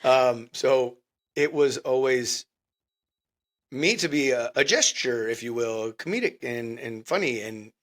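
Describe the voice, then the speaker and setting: A man's voice: medium pitch, unhurried, a bit bright. A man in his forties co-hosting a podcast, telling stories in a goofy, joking way. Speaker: podcast co-host. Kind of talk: casual chat.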